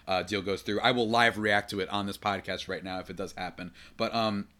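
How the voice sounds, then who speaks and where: A man hosting his own sports podcast, rambling from one point to the next with plenty of fillers and restarts. His voice sits a little low but sounds bright and forceful. He gets excitable and keeps chatting loosely, unscripted. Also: a little fast. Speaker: podcast host. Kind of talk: solo sports podcast commentary.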